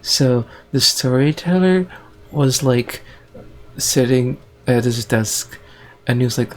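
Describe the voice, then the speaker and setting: A man makes up a story on the spot, rambling and hesitant, frequently restarting and filling pauses. His voice is mid-pitched.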